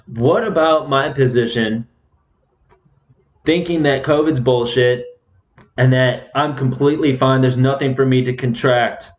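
Man in a roomy, dull recording. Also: mid-range voice. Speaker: podcast host. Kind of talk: casual conversation.

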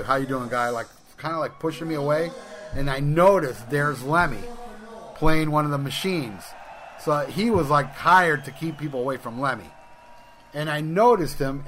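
Bright-voiced man telling rambling stories. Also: on the high side, a little hiss or hum. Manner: rambling anecdotes with restarts and profanity. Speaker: podcast co-host. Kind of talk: casual chat, storytelling.

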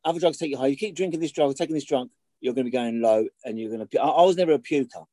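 Fast-talking blunt middle-aged man. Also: medium pitch, mellow, no room sound. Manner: blunt and sweary, repeats points for emphasis. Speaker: guest. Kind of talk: candid conversational storytelling.

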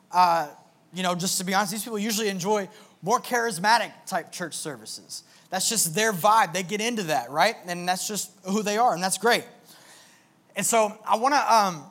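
Earnest high-voiced male pastor. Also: fairly bright tone. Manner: conversational, earnest, with filler words. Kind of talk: sermon.

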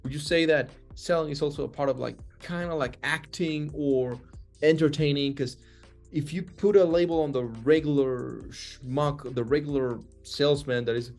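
A man's voice: a little high, normal speed, darkish tone, faint music behind. A man hosting a casual podcast chat, rambling and profane, laughing often as he asks questions.

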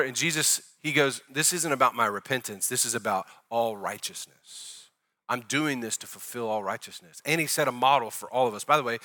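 A middle-aged male pastor preaching a sermon in an animated style, speaking directly to the congregation and acting out the voices he quotes. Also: a little high.

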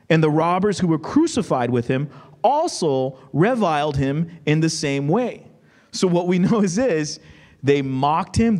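A man's voice: on the high side, a little mellow. A man preaching a sermon, reading scripture and explaining it conversationally, checking in with the congregation. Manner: reads scripture quickly, slows down for emphasis. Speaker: pastor.

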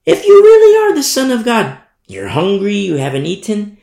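Taunting sneering satan, put on by a preacher, higher and louder, gravelly, echoey room. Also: huge pitch swings, moderate pace. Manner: taunting, mocking. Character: Satan, a sneering tempter spirit.

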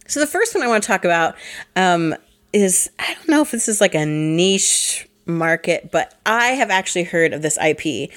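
A chatty woman hosting a casual board game podcast, her voice hoarse and congested from allergies. She sits a little low in pitch and talks loosely, with plenty of fillers and easy laughs. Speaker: podcast co-host. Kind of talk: casual chat.

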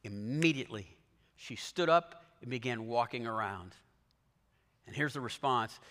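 A man preaching a sermon, telling the story with animated, dramatic swings in volume. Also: medium pitch, measured pace. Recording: long hall reverb.

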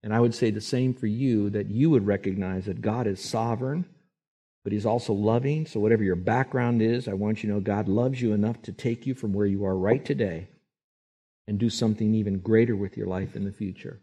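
A man preaching a sermon, animated and acting out voices when he quotes people. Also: fairly low pitch, a little fast, breathy edge. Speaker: pastor.

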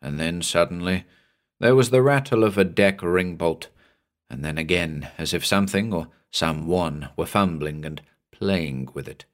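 A man narrating a horror story in a measured, suspenseful reading. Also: low voice. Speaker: audiobook narrator.

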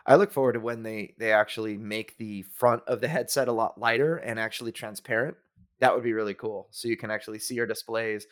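A man's voice: lowish voice, fairly even intonation, brisk, a bit bright. Brief: man, podcast co-host, easygoing rambling chat, fillers and restarts. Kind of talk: casual chat.

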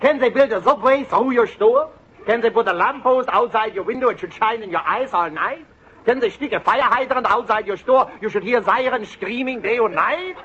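An actor playing a cocky, wisecracking adult night-school student who fires off brash one-liners in a 1940s radio sitcom. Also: male voice, very high-pitched, moderate pace, pushed and bright, slight background noise. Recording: muffled old radio broadcast with audience laughter.

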